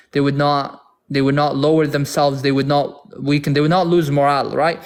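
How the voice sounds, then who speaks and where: A man in an online debate, reading Arabic passages aloud and translating them into English slowly with many restarts. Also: on the high side.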